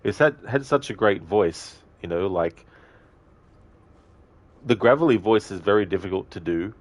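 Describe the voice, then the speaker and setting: Deep-voiced rambling male streamer. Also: expressive, moderate pace. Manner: rambling, thinking aloud. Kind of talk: casual commentary while gaming.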